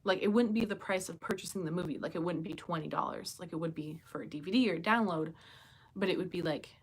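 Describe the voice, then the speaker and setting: A woman's voice: on the low side, fast talker, husky. Chatty woman hosting a live chat. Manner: chatty, thinks aloud with fillers and questions to viewers. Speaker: livestream host chatting with viewers. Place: home with pets nearby.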